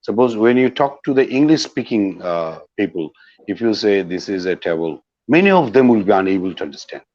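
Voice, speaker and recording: A man's voice: lowish voice, sing-song, a little fast, a little mellow, dry recording, lo-fi sound. A middle-aged man with a Bangladeshi accent, an English professor giving a didactic talk as a guest speaker, often checking in with "okay?" and "you see". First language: Bengali. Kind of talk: lecture-style talk.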